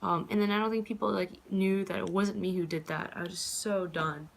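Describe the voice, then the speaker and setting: A woman's voice: medium pitch, steady tone, fairly quick, vocal fry, a little hiss or hum. A woman in her twenties chatting casually in a vlog, rambling with lots of fillers and frequent cursing. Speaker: vlogger.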